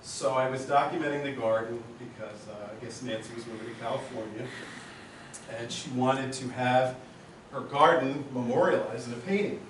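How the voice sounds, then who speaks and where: A man's voice: medium pitch, moderate pace, recorded from a distance. A man speaks at a memorial gathering, rambling and emotional as he tells stories about a late friend. He stands well back from the mic, and his voice rings in a roomy hall with a faint hiss behind it. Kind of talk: personal memorial speech.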